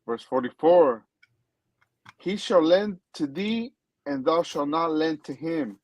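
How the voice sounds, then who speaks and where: A man co-hosting a talk show, reading Bible verses slowly and carefully. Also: fairly high pitch, a little mellow, dry recording, poor audio. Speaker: co-host reading scripture.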